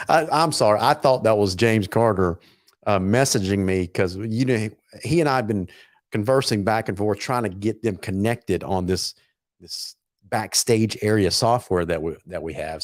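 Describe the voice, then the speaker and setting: A man hosting a casual talk show and reading sponsor messages, excitable and wired on caffeine, tripping over his words. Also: lowish voice, no room sound, studio quality. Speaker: host.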